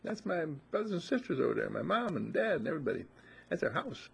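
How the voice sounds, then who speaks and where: A man's voice: on the high side, big pitch swings, fast talker, vocal fry, husky, voice pushed up, exaggerated voice. A man voicing an eager young male frog in a storytelling talk, pleading to be let back home. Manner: pleading, insistent.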